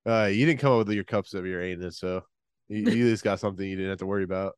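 A man hosting a podcast, steering the segments in a lively, boastful tone with casual swearing. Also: sits low, fast talker, clean tone, no room sound. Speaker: podcast host.

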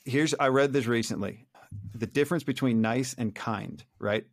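A man's voice: mid-range voice, moderate pace, creaky. A talkative man co-hosts a podcast and often jumps in over the other speakers. His voice sounds dry and close, with no room echo at all. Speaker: podcast co-host. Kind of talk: casual conversation.

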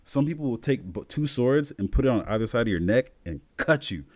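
Excitable young man, rambling gamer chat. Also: mid-range voice, a little fast. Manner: excited, filler-heavy, rambling storytelling. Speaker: gamer friend in a podcast chat. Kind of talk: casual chat.

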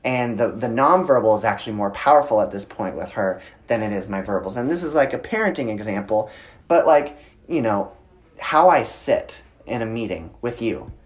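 A man in his thirties, a guest in an interview, explaining communication with lively storytelling and frequent filler words. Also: lowish voice, moderate pace. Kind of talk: conversational interview.

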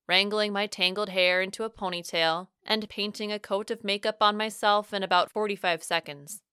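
A young adult woman reads a first-person audiobook with expressive shifts in pitch and loudness. Her voice is bright, crisp and smooth. The sound is dry and close. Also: dry recording. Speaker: audiobook narrator.

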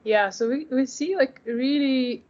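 A woman's voice: high voice, a little slow, darkish tone. Earnest woman explaining her tech. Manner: earnest, explanatory, frequent "like" and restarts. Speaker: startup founder. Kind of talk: interview answers. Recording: dull lo-fi audio.

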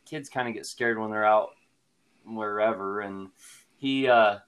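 A man's voice: fairly low pitch, measured pace, fairly bright tone, clean tone. A man in his thirties, a father telling a parenting story in casual chat, laughing often and using lots of fillers.

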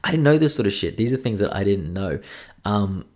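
A man's voice: on the low side, expressive, brisk, darkish tone. A young man hosting a podcast, congested from a cold, rambling casually and swearing a lot. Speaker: podcast host. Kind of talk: casual solo podcast chat.

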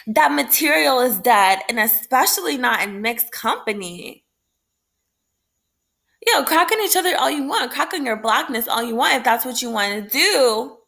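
A woman's voice: sits high, creaky, a bit bright. A woman ranting in a late-night video, heated and full of profanity, breaking into laughs. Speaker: vlogger. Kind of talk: late-night rant to camera.

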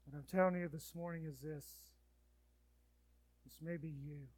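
A pastor delivers his sermon in a slightly high voice, rising to loud urgent appeals and then dropping to soft, hushed pleading. The sound is dry and close, with no room echo. He ends by leading the congregation in prayer. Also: steady tone, measured pace.

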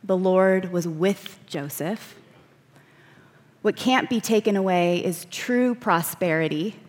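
A woman preaching, reading scripture verses aloud and slowing down to stress key words. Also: fairly low pitch. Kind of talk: sermon.

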